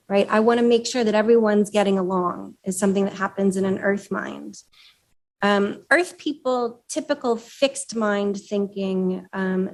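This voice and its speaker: A woman's voice: mid-range voice, darkish tone. A woman author giving a conversational workshop talk, explaining ideas and asking the room questions. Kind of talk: live talk to a room of women leaders. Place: room with an audience.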